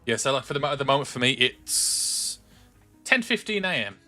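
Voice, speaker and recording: Very animated and bright, with a pushed quality, this mid-range male voice moves at normal speed over faint music. He's a young Black Country streamer with an English accent, playing a game at home and chattering loosely with lots of filler and false starts.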